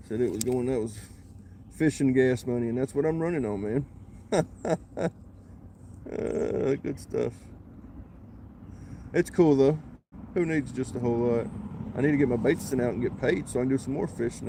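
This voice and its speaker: A man's voice: medium pitch, normal speed, pauses often, dark tone, a little hiss or hum. A man live-streaming from a creek, chatting casually and muttering to himself between greetings to viewers. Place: outdoors at a creek.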